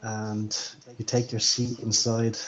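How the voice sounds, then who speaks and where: A man running a tabletop game as game master, narrating scenes in a halting, descriptive way. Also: on the low side, completely flat delivery, a bit bright, dull audio.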